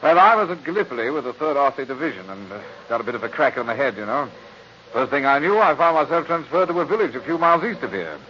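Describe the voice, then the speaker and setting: A man's voice: medium pitch, big pitch swings, fast talker, slight background noise, lightly acted. A man playing a breezy Australian lieutenant. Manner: breezy, hearty, slangy. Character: cheery young Australian cavalry lieutenant. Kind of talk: 1940s radio acting. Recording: dull lo-fi old radio recording.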